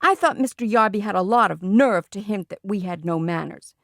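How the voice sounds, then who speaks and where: A woman narrating a children's book in the first person, telling it in a lively way. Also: mid-range voice, brisk, no room sound, studio quality. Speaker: audiobook reader.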